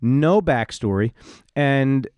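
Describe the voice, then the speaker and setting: A man co-hosts a podcast in loose, casual chat, pressing his opinions and refusing to back down. His voice sits at an ordinary middle pitch. The sound is dry and close, with no room echo. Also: lively intonation, slow pace, darkish tone, clear, resonant tone. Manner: argumentative, opinionated. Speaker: podcast co-host.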